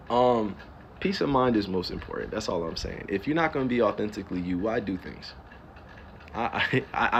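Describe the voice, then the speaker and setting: A man's voice: lowish voice, a little hiss or hum. A man in his thirties from New Jersey, ranting on a live stream in casual talk. He fires off emphatic rhetorical questions, swears freely and laughs now and then. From New Jersey, US East Coast. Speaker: livestreamer.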